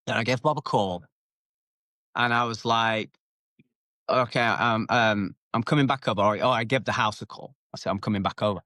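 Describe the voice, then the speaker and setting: A man's voice: lowish voice, normal speed, bright, forceful tone, no echo, clean studio sound. A British man, a former MMA fighter, telling stories from his fighting days in a casual podcast interview. He swears freely and acts out the people he quotes. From United Kingdom. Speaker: retired MMA fighter, guest.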